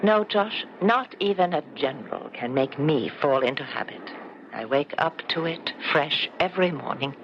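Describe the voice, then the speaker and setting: A woman's voice: sits low, expressive, moderate pace. A playful Frenchwoman of middle age, in a muffled radio drama. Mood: tender. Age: middle-aged. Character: middle-aged French wife, former resistance fighter, playful. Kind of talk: 1970s radio drama acting. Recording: muffled old radio broadcast with hiss.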